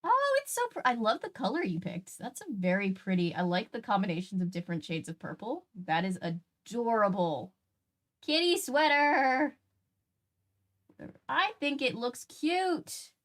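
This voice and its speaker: On the high side and very animated, yet unhurried, this streamer host chats casually as she reads comics out loud. Her sentences often fade out and get restarted.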